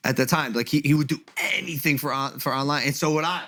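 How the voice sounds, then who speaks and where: A young man in casual chat, telling an animated story and swearing freely as a guest. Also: fairly high pitch, quick pace.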